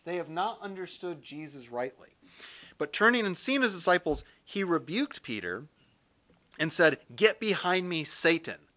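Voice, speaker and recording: A man teaching a Bible session in sermon style, animated and lively, acting out quotes with jokey asides. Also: on the high side, moderate pace.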